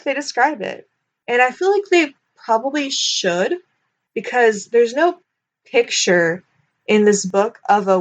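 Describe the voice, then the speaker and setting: A young woman giving casual commentary on a book, chatty and nitpicky, with lots of filler likes. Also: on the high side. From United States. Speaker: book reviewer.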